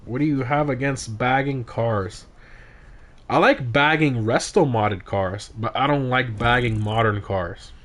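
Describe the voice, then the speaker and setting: A man hosting a casual gaming livestream, reacting loudly to races and chatting with viewers; he sounds tired. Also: mid-range voice, unhurried. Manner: excitable, frequent exclamations during races. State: tired, yawning. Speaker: livestream host of game car meets.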